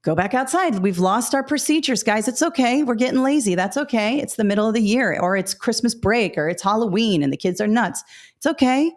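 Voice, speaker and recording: A woman giving practical advice to new teachers in a webinar, in a lively storytelling way that acts out what she says to students. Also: fairly high pitch, brisk.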